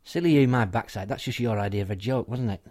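A man's voice: medium pitch, quick pace, darkish tone, natural voice. An actor playing an exasperated man fighting his computer. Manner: exasperated, sarcastic.

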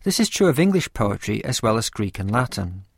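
Measured low-voiced man narrating a lecture. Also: big pitch swings, gravelly, no echo, studio quality. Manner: measured, careful explanatory delivery. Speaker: teacher of poetry.

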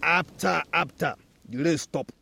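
An actor with a Nigerian accent playing a wise, patient older village herbalist who tells animated stories. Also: male voice, a little high, a little slow, gravelly, husky, no room sound, full character voice. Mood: storytelling. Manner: playful, animated storytelling with laughs. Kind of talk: radio drama acting.

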